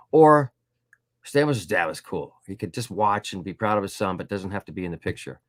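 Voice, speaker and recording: A middle-aged man sits as a guest in an interview, telling stories in a relaxed, rambling way. His voice sits low, and he fills it out with little voiced impressions and plenty of fillers. The sound is dry and close, with no room around it. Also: a little fast, dry recording. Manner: animated anecdotes with voiced quotes and frequent fillers. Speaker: guest author. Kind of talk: casual storytelling interview.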